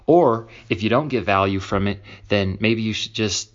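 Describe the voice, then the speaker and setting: Brief: low-pitched man, confessional podcast host, dull lo-fi sound. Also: normal speed. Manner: candid, confessional, rambling, emphatic. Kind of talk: casual solo podcast monologue.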